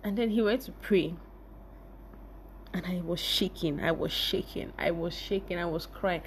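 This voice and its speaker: A woman's voice: mid-range voice, normal speed, a little hiss or hum. A young woman vlogger telling her viewers an emotional personal story and speaking to them directly.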